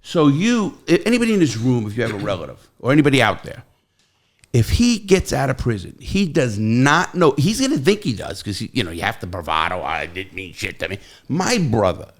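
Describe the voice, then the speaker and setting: A middle-aged man hosting a podcast, telling stories in casual chat and jumping to loud, high quotes. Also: brisk. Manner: animated storyteller, jumps to loud high quoting. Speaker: podcast host.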